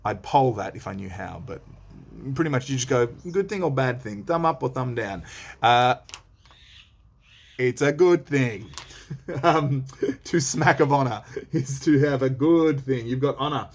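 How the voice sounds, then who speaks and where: Husky-voiced man teaching a play. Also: medium pitch, animated, measured pace. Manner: chatty, reads lines aloud then explains in slang. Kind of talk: read-along Shakespeare lesson with commentary.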